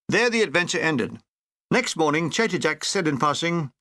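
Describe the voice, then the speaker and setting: A man's voice: fairly high pitch, animated, moderate pace, bright, forceful tone, no echo. A man reading a comic war memoir aloud with dry, wry storytelling. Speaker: audiobook reader.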